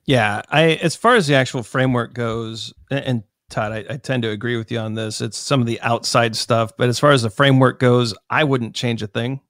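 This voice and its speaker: A man co-hosting a podcast, giving his opinions in a conversational way with lively asides. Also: mid-range voice, brisk, few pauses, no echo, clean studio sound. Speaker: podcast co-host. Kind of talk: casual chat.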